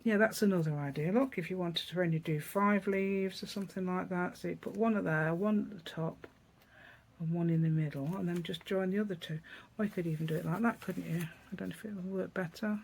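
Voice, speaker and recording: A woman's voice: lowish voice, a little fast, gravelly, a little mellow, husky, low-quality recording. A middle-aged woman with an East Midlands English accent, chatting casually through a craft tutorial at her table, rambling and asking tag questions.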